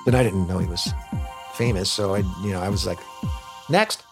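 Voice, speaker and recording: A man's voice: sits low, fast talker, gravelly, music in the background. A man in an interview, telling frank personal stories in a loose, colloquial way. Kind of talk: candid personal storytelling.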